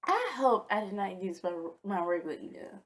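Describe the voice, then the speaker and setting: A woman's voice: medium pitch, big pitch swings, brisk. A woman vlogger telling a casual storytime in a dramatic, chatty way.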